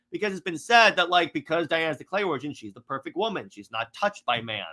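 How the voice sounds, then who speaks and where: A man's voice: on the high side, expressive, fast talker, few pauses, pushed and bright. A man giving a casual, exasperated critique of a comic run, rambling with frequent restarts.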